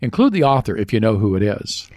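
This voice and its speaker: A man's voice: on the low side, big pitch swings, fast talker, darkish tone, dry recording, clean studio sound. Easygoing man radio co-host. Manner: easygoing, good-humored banter. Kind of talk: casual chat.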